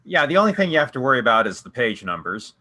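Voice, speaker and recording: A man's voice: medium pitch, sing-song, fast, pushed and bright. A man leading a casual online discussion group, rambling with frequent restarts and fillers.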